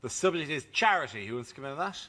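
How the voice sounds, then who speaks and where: A man hosting a panel show, briskly announcing topics and calling on a comedian. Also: mid-range voice, expressive. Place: TV studio with live audience. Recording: loud studio audience noise.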